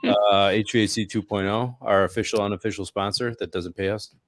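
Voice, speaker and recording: A man's voice: fairly low pitch, a little fast, dry recording, studio quality. A man co-hosting a casual trade podcast, telling work and neighbor stories with lots of laughter. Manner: animated storyteller, laughs often. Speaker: podcast co-host, HVAC technician. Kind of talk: casual chat.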